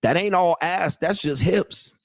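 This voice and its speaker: A man's voice: high-pitched, unhurried, vocal fry, dry recording. A man in his late forties hosts a livestream, talking crude and blunt, mocking and laughing at his own jokes while reading chat. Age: 40s. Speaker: host and dating coach.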